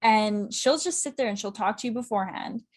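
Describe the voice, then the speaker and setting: Chatty young woman. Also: medium pitch. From Canada. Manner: chatty, quick, laughs often, heavy use of "like". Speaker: podcast guest, club correspondent. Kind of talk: casual interview chat.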